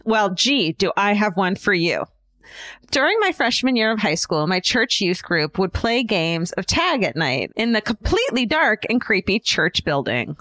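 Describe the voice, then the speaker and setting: Animated woman reading a listener email. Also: mid-range voice, normal speed, no room sound. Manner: reads aloud with jokey asides, animated. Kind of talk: casual comedic podcast chat.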